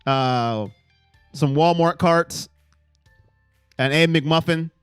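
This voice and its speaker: A man hosting a casual sports live stream and reading out fan comments, animated, swinging between low mutters and loud exclamations. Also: drawn-out words, clear, resonant tone, dry recording, clean studio sound, soft background music.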